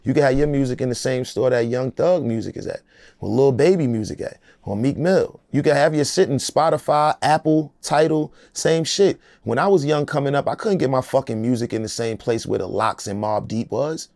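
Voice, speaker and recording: A man's voice: medium pitch, normal speed, gravelly, a little mellow, no room sound, clean studio sound. A man in his forties, a rapper being interviewed, talking in a casual, profane, streetwise way and often adding "you know what I'm saying".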